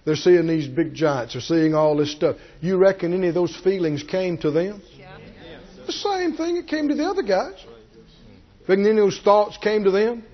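A male preacher delivers a sermon in a high voice that leaps all over its range. He talks slowly and folksily, dropping low for asides and rising to shouted peaks. The recording sounds a little dull and lo-fi. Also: animated. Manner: folksy, jokes with the congregation.

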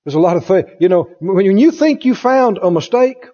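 Lively folksy preacher man. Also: high-pitched, normal speed. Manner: folksy storytelling with laughs and quoted voices. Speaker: pastor. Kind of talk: sermon. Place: church sanctuary. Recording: dull, lo-fi church recording with long reverb. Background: congregation answering amen.

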